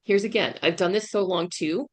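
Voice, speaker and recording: This career coach, a guest speaker, gives a webinar talk through a video call with emphasis, frequently asking "right?" to check in. Her voice is on the low side, and she speaks at a normal speed.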